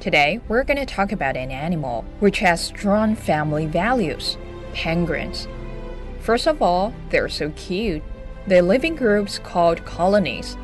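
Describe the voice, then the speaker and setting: A woman hosting a bilingual English lesson, upbeat, drilling words slowly and carefully. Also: fairly low pitch, sing-song, faint music behind. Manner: upbeat, switches between Chinese and English, slow careful pronunciation drills. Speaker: English teacher and host.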